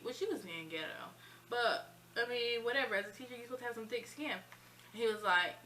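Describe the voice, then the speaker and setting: A woman in her twenties telling a personal story in a chatty, animated vlog style. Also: on the high side, a little fast, slight background noise, low-quality recording. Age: 20s. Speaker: vlogger. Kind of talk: casual storytime.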